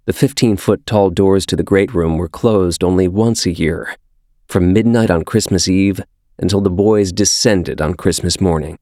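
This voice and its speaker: Deep-voiced guy reading an audiobook, slow and measured, dry close sound. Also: darkish tone, no room sound. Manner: measured, unhurried storytelling. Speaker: audiobook narrator. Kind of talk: scripted audiobook narration.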